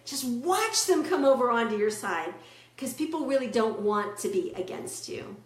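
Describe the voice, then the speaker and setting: A woman's voice: a little high, moderate pace, echoey room. A woman relationship coach giving a motivational talk, telling client stories and acting out their words. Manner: storytelling, animated quoting of clients.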